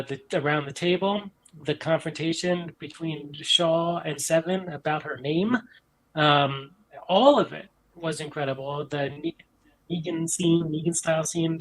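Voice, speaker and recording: A man's voice: a little high, low-quality recording. A man in casual podcast chat, talking enthusiastically and rambling with many ums, from an upstairs room in his mother's house. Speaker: podcast guest.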